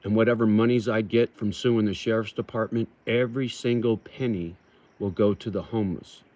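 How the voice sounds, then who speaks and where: A middle-aged man hosting a casual livestream, reading viewers' comments aloud slowly and answering them in a rough, swearing manner, calling them brother. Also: lowish voice, steady tone, a little mellow. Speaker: livestream host reading chat.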